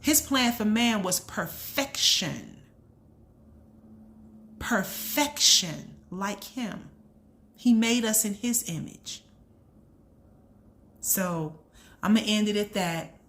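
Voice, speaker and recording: A woman's voice: medium pitch, lively intonation, slow, pauses often, a bit bright. An earnest woman speaks straight to her listeners with a preacher's insistence. She says her key points twice and talks in loose, everyday grammar. Her voice sits at an average height. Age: adult with a son. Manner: earnest and preachy, repeats phrases for emphasis. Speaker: channel host. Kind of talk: motivational faith talk.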